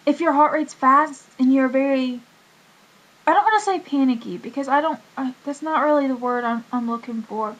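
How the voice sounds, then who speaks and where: A woman's voice: high voice, low-quality recording. A young woman vlogging casually about a doctor's visit, rambling with many fillers and restarts. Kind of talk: casual health vlog.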